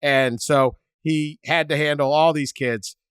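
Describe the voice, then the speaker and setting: Man, podcast host, animated storyteller, high pitch, dry sound. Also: measured pace, smooth, no echo. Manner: animated storyteller, laughs often, acts out quotes. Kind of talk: casual sports chat.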